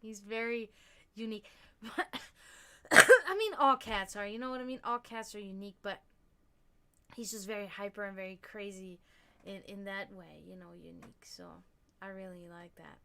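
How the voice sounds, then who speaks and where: Bright, chatty woman streamer. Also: medium pitch, normal speed. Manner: chatty and rambling, with frequent fillers and swearing. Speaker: livestream host. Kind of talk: casual chat with stream viewers.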